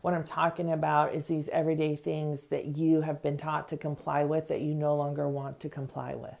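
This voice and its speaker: Woman, self-help podcast host, earnest motivational talk, low voice, slight vocal fry. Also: level tone, a little mellow. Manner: earnest, acts out quick examples in voices.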